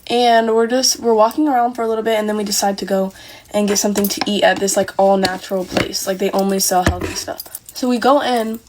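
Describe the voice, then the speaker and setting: Woman storytime vlogger, easygoing conversational delivery, mid pitch. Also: brisk, background noise. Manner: relaxed, conversational narration. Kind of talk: casual story time.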